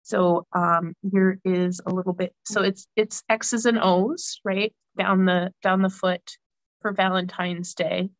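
Brief: chatty woman with a frog in her throat, dry close sound, mid pitch. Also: flat delivery, slow pace, no room sound, rough recording. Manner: chatty, rambling, many fillers. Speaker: guest knitter. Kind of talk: casual knitting podcast chat.

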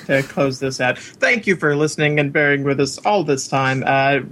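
A man's voice: on the high side, normal speed, a bit bright, a little hiss or hum. A man hosting a podcast in casual chat, hesitant, with many fillers and restarts. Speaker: podcast host.

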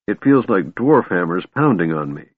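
A man's voice: sits low, very animated, normal speed, no echo. A man voicing a small male kender who is hurt and miserable, speaking thickly and dully, on a tinny, dry recording. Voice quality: thick, dull voice. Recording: tinny phone-like dry sound.

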